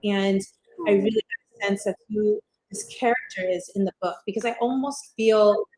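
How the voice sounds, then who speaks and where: A woman's voice: mid-range voice, normal speed, darkish tone, slight background noise, rough recording. A woman hosting a casual interview over a video call, chatty and upbeat, talking her plans aloud and repeating herself as she goes. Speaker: host.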